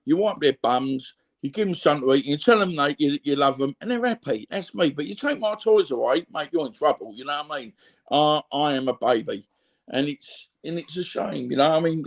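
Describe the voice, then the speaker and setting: A middle-aged man with a Cockney accent talking candidly as an interview guest, rambling and tagging on "you know what I mean" asides. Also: fairly high pitch. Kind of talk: candid reflective conversation.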